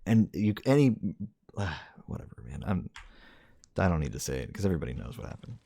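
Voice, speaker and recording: A man's voice: low-pitched, big pitch swings, normal speed, creaky, mellow. A young man streaming a game, tired and venting in an exasperated, repetitive rant about losing. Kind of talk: frustrated gaming rant.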